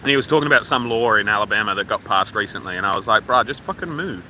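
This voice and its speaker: The Australian man's lowish, sharp-toned voice races along as he livestreams from his phone at an outdoor waterfall park. Reading viewer comments, he rambles offhandedly and swears freely, all captured in poor audio with a little hiss or hum.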